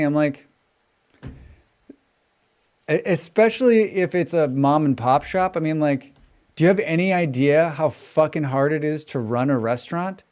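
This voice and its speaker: A man's voice: on the high side, lively intonation, normal speed, a little mellow. A young man chatting with viewers during a live gameplay stream, talking casually, swearing freely and rambling into rants.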